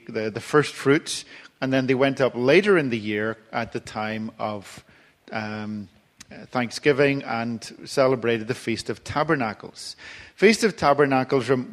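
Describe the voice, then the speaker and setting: A male preacher giving a sermon in a conversational way, with frequent restarts and fillers. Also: medium pitch.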